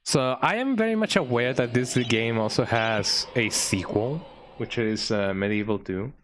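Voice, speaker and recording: A man's voice: medium pitch, expressive, a little slow, fairly bright tone, slight background noise. A man casually commenting while streaming a video game, chatty and often tagging his lines with "eh". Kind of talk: casual let's-play commentary. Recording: game music behind voice.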